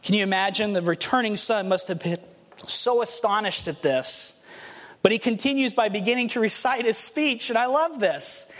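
A man's voice: sits high, normal speed, fairly bright tone. A pastor preaching a sermon, earnest and storytelling, acting out the scenes he describes. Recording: long hall reverb.

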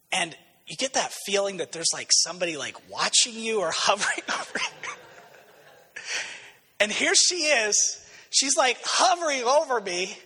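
A man preaching a sermon, dramatic and storytelling, dropping low and then rising to shouts. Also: husky, long reverb tail. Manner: dramatic, swings between quiet and shouted quotes. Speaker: pastor.

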